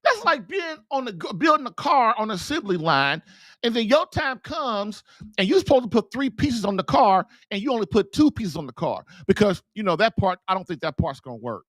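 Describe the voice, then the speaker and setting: His voice sits high with big pitch swings, and he talks a little fast over a dry recording. This marriage coach and podcast host delivers a preachy, earnest talk to husbands calling in, frequently repeating and restarting as he builds toward emphatic urging.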